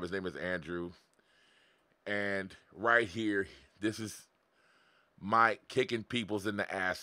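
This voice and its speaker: An online marketing coach in his forties gives a live-streamed motivational talk, coaching viewers bluntly and profanely and laughing often. His voice is fairly low in pitch, pushed and bright, with no echo.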